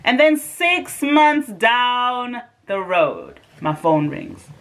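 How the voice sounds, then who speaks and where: A woman vlogging, telling a personal story in a casual, animated and sarcastic way with rhetorical asides. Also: a little high, very slow, background noise.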